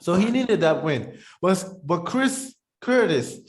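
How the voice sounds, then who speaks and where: A man co-hosting a podcast in casual, rambling chat, animated and talking while eating. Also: high voice, slow. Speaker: podcast co-host.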